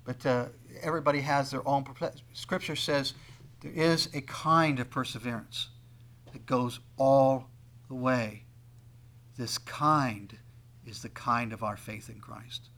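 A man preaching a sermon, swinging between loud emphatic lines and quiet asides, and acting out the voices of the people he quotes. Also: mid-range voice, fairly even intonation, measured pace. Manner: acts out quoted speakers in conversational tones. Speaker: pastor.

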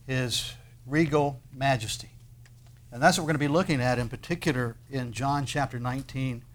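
A man preaching a sermon in an earnest way, with dramatic pauses and swells of emphasis on key words. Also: medium pitch, steady tone. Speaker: pastor.

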